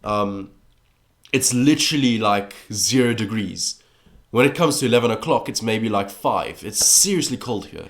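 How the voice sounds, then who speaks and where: A man's voice: on the low side, expressive, normal speed. Chatty South African teenage boy. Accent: South African English. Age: teens. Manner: chatty, rambling with many restarts and fillers. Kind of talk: casual vlog reacting to assumptions.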